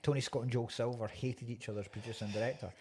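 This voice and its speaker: A man's voice: mid-range voice, fairly even intonation, very fast, dark tone, a little hiss or hum. A man co-hosting a podcast, chatting casually and animatedly about a film and swearing freely. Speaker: podcast co-host.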